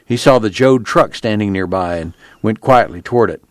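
A man reading a novel aloud in steady, measured narration. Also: lowish voice, no room sound, clean studio sound. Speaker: audiobook reader.

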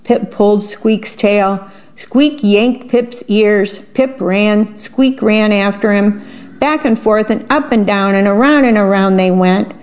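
A woman reading a picture book aloud to children in a lively, animated way, pausing to describe the pictures. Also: medium pitch. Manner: lively, animated read-aloud with brightening exclamations. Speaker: storybook reader. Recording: dull lo-fi recording.

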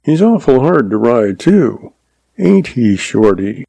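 A man's voice: mid-range voice, sing-song, slow, creaky, mellow, slightly rough, no echo, exaggerated voice. A man voicing a cocky cowboy puncher who drawls and mocks his enemies. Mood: mocking. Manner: drawling, mocking.

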